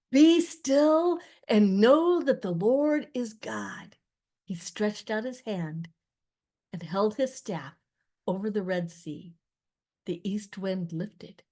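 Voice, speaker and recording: An older woman narrating a novel as an audiobook reader, expressive and rising sharply for shouted lines. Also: on the low side. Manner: expressive reading that rises for quoted shouts.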